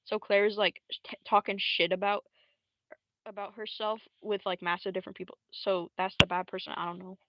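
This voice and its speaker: A young adult woman livestreaming in casual, slangy, rambling talk, swearing freely and jumping into squeaky high voices to quote characters. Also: little pitch movement, a little fast, heavy background noise. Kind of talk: casual live-stream commentary.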